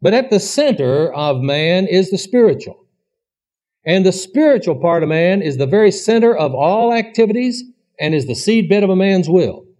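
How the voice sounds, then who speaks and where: A man's voice: sits high, lively intonation, normal speed, a little mellow. A man giving an earnest, plainspoken sermon-style teaching, asking rhetorical questions as he goes. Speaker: preacher. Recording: dull lo-fi recording.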